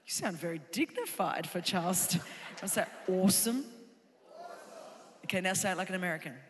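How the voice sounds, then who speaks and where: Woman pastor, emphatic sermon delivery building to shouts, long hall reverb. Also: lowish voice, lively intonation, racing, a crowd in the background. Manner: emphatic, rhythmic repetitions, rising to shouts. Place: large hall with live congregation.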